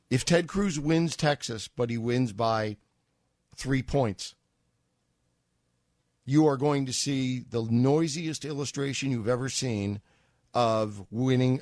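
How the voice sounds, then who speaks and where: Guy hosting talk radio, slow and sarcastic, lots of rhetorical questions, dry close mic. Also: medium pitch, dry recording. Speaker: radio talk show host. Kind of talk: political talk radio monologue. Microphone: studio microphone.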